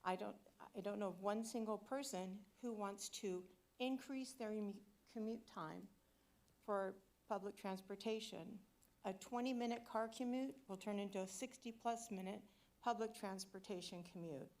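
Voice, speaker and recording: A woman's voice: mid-range voice, normal speed, a little mellow. A woman firmly reading her public comment at a city council meeting. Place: council chamber.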